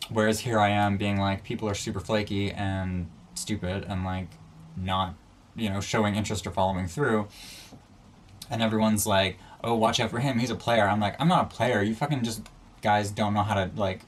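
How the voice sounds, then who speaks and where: A young man vlogging a ranting story, exasperated and animated, full of "like"s. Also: on the low side. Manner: exasperated, animated venting with many "like"s.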